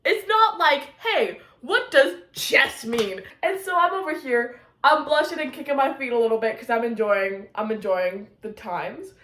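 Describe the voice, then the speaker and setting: A young woman talks through a casual reading vlog, her voice pitched high and bouncing with excitement. She gushes and drifts into giggles and squeals, and the room around her rings with a noticeable echo. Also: normal speed, hardly any pauses, slight background noise. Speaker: book vlogger.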